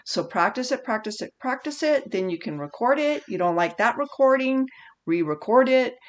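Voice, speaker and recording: A woman speech instructor giving a recorded online lecture, animated and conversational, often correcting herself mid-sentence. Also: a little high, normal speed.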